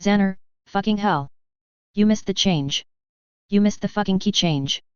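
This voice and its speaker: A woman's voice: medium pitch, a little slow, a little mellow, clear, resonant tone, no room sound, natural voice. A woman voicing a furious, crude male warlord who bellows and snarls profanities, on a dull lo-fi recording. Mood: snarling.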